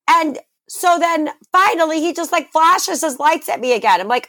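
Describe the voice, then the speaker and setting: A woman's voice: sits high, normal speed, few pauses, a bit bright, no room sound, clean studio sound. A young woman co-hosting a podcast, telling a story in casual, profane chat. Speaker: podcast co-host.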